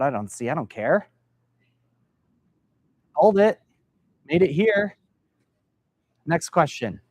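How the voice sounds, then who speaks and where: A middle-aged man with a medium-pitched voice gives a live workshop talk as a sales mentor, coaching business founders in a meeting room by telling a story and questioning the audience. The recording is dry.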